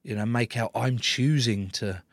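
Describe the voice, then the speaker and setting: Joking rugby player, dry sound. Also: male voice, mid-range voice, measured pace, dry recording. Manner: jokey storyteller, swears, acts out quotes. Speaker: professional rugby player, guest. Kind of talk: casual interview chat.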